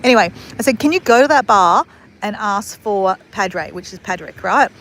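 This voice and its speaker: A woman's voice: mid-range voice, expressive, moderate pace, fairly bright tone, a little hiss or hum. A woman in her forties from Australia, chatting casually to camera in a rambling, laughing way. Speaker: vlogger.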